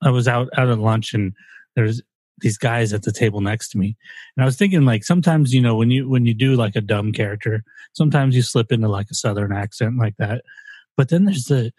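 A man's voice: medium pitch, darkish tone, husky, dry recording. A man hosting a casual podcast, joking and swearing as he talks. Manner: joking, swearing, quick to laugh. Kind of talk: casual chat.

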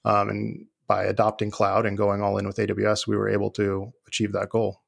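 A man being interviewed, talking in a relaxed, thoughtful way with many fillers and restarts. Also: fairly low pitch, fairly quick, gravelly. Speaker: guest, former IT leader. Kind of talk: conversational interview.

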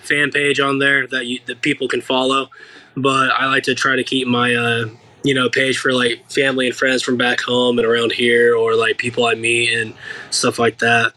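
A young American man telling an animated, profane story as an interview guest, acting out the people he quotes. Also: mid-range voice, moderate pace. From United States. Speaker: guest fighter.

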